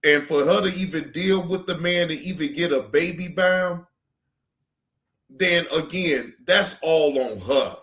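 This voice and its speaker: Slow-talking male reaction host. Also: on the high side, fairly bright tone, a little hiss or hum. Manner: preachy, repeats himself, asks "right?". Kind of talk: casual commentary.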